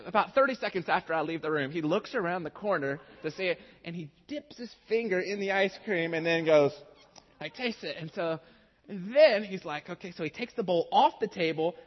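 A man in his thirties, a pastor, preaching a sermon and telling a self-mocking personal story. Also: sits high. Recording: dull sound with long hall reverb.

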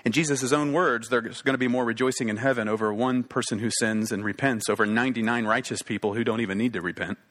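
Male pastor, mid-pitched, earnest sermon delivery with emphatic repetition. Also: fairly even intonation, quick pace, few pauses, fairly bright tone.

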